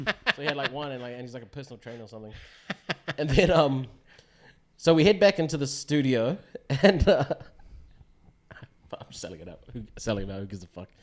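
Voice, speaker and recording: A man's voice: mid-range voice, animated, moderate pace, long pauses, darkish tone. A man telling a comedy story in casual chat, swearing and acting out the voices of others. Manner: swearing, laid-back, acts out quoted voices. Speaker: comedian guest.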